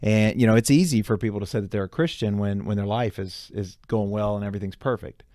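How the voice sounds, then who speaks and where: A man hosting an interview podcast, attentive and reflective, with many soft murmurs of agreement. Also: lowish voice, quick pace, dry recording, studio quality. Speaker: podcast host. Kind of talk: interview conversation.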